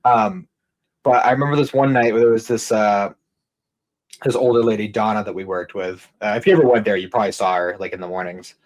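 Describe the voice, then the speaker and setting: A man's voice: on the low side, steady tone, brisk, low-quality recording. A young man co-hosting a podcast, rambling and swearing casually while telling work stories with frequent laughter. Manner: rambling, profane, laughing often. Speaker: podcast co-host. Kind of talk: casual chat, storytelling.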